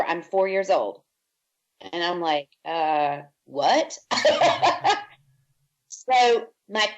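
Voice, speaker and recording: Her voice is lowish and the audio dull as this Virginia-born podcast guest recounts her life in an interview. She's a lively storyteller, performing the voices of those she quotes.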